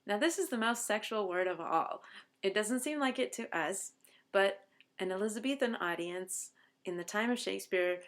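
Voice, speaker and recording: A middle-aged woman, a college professor, explaining a poem line by line and reading its verses aloud slowly. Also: mid-range voice. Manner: slows down to recite verse aloud. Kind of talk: line-by-line poetry lecture.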